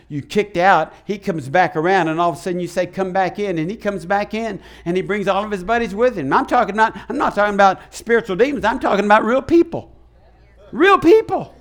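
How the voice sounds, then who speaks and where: A man preaching a sermon as pastor, animated and acting out the voices he quotes. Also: high voice.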